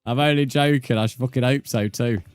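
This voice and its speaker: A young man live-streams a game and banters casually with his chat, swearing and laughing often. His voice is medium-pitched and smooth, and he talks briskly.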